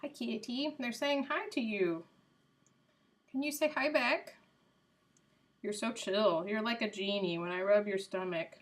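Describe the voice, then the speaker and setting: Woman streamer, middle pitch, loose casual chat, rambling and reading out viewers' names. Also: a little slow, pauses often. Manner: chatty and rambling, answers viewers by name; coos softly to her cat. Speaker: live streamer. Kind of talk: casual chat with a live audience.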